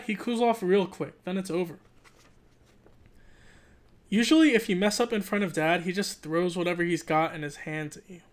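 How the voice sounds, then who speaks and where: A relaxed amateur reader works through a children's novel in one unedited take. The pitch sits in the middle range. The reader restarts stumbled words and drops into offhand comments between passages. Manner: breaks off for joking asides and self-corrections. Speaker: channel host reading aloud. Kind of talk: casual, unedited read-aloud of a children's book.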